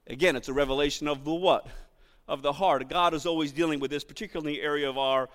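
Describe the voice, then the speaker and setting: A middle-aged man preaching a sermon, animated, acting out quotes and shouting for emphasis. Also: fairly high pitch, quick pace, big-room sound. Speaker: pastor.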